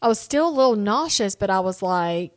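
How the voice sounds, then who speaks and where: Tired lady rambling thru a story on her podcast, dry close sound, regular pitch. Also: lively intonation, a little fast, no room sound. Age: middle-aged. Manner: chatty, rambling, talks straight to listeners. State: yawning, tired. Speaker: podcast host. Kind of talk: casual solo podcast storytelling.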